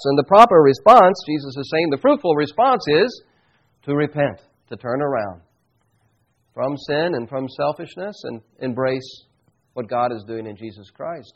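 A pastor preaching a sermon in an earnest, reflective manner, slowing down to stress key phrases. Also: male voice, medium pitch, breathy edge, highs cut off.

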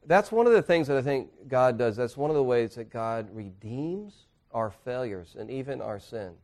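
A man pastor preaching a sermon in church, earnestly, dropping to quiet asides and rising to emphatic points. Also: medium pitch, lively intonation, moderate pace. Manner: earnest preaching, swinging between hushed and emphatic.

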